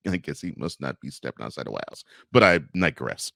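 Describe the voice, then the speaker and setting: A man's voice: extremely low pitch, lively intonation, moderate pace, creaky, fairly bright tone, no echo, clean studio sound. A man co-hosting a podcast, reading political news aloud and breaking off for sarcastic asides in casual chat. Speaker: podcast co-host.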